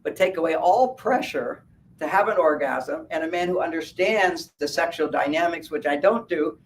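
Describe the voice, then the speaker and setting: A man giving a live talk at a fair, animated and laughing at his own points as he acts out little quotes. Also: a little high, moderate pace. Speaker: speaker at a wellness fair. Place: event room at a hotel fair. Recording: distant mic with faint background noise.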